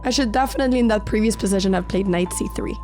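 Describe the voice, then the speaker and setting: A woman narrating her own chess game in a calm, measured voice-over, slightly sick with an occasional crack in her voice. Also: mid-range voice. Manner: calm, measured storytelling of moves. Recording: voice-over with faint background music.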